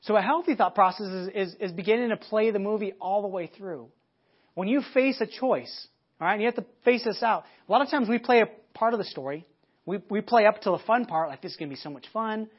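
A man's voice: high voice, brisk, breathy edge. A man from the United States preaching a sermon in a conversational way, acting out people's thoughts as he goes. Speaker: pastor. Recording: dull lo-fi sermon audio.

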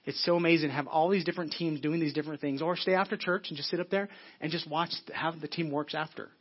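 Pastor guy preaching, kinda husky and a bit high, muffled dull recording, talks casual and earnest. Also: steady tone, fast. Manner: earnest, repetitive, conversational preaching with many restarts. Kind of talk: sermon.

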